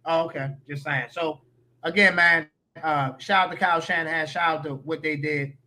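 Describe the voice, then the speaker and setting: A man's voice: fairly high pitch, fairly even intonation, normal speed, bright, forceful tone. A man giving opinionated, slangy sports talk as a podcast guest.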